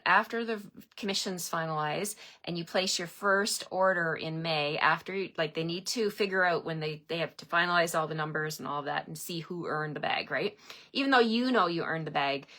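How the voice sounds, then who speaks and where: Brief: giddy middle-aged Canadian woman hosting a home livestream, bright and lowish voice. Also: moderate pace. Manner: bubbly and giddy, laughs often, greets viewers by name. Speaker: stamping demonstrator hosting a livestream. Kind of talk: casual livestream chat. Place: at home, indoors. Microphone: webcam or phone camera.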